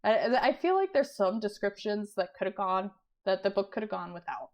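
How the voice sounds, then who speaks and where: A young woman chatting casually about books she has read, laughing often and clearing her throat as she loses her voice. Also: medium pitch, animated, moderate pace. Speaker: book vlogger. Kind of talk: casual book review chat.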